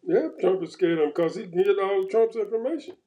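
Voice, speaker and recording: High-voiced man telling a story. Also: fast, muffled recording. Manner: animated retelling, acts out quoted exchanges. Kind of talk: casual conversation, storytelling.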